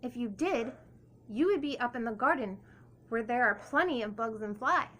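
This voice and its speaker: A woman's voice: a little high, lively intonation, moderate pace, a bit bright, a little hiss or hum. A woman voicing an eager young male duck, persuasive and upbeat. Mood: coaxing.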